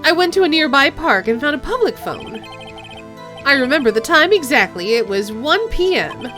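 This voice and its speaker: A woman's voice: high voice, sing-song, moderate pace, over music, voice pushed up. A woman voicing an eager, jittery male newspaper seller giving testimony in a game. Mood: dramatic. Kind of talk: game voice-over.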